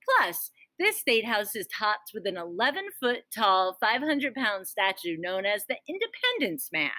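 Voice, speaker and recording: Chatty teacher, dry sound. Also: female voice, medium pitch, big pitch swings, measured pace, bright, forceful tone, no room sound. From Rhode Island. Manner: chatty, with jokey asides. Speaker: school band teacher. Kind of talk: school morning announcements.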